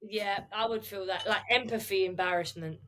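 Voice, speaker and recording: A woman's voice: medium pitch, normal speed, a bit bright. A young woman, co-hosting a podcast in casual chat and acting out the voices in her stories. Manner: chatty storyteller, acts out quotes. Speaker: podcast co-host.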